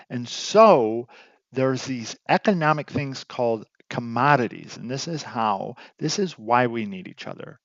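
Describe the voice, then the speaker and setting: A man's voice: mid-range voice, no room sound, muffled recording. A man teaching an informal lesson, telling a story and acting out its characters, with many fillers and restarts. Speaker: real estate investing teacher.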